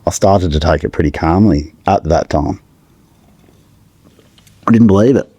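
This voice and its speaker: A middle-aged man with a halting manner, recounting a painful personal story as a podcast guest. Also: low voice, warm tone, slightly rough, no echo. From Australia. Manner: halting, searching for words, with restarts.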